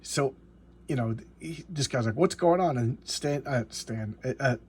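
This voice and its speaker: A man reviewing a comic book in casual talk, halting and repeating words as he enthusiastically walks through the story. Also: medium pitch, a little mellow, breathy edge.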